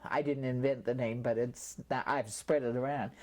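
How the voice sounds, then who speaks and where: An older woman with a notably low voice recounts her past in an oral history interview. She tells it as a chatty storyteller, full of lively asides. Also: normal speed. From California, USA.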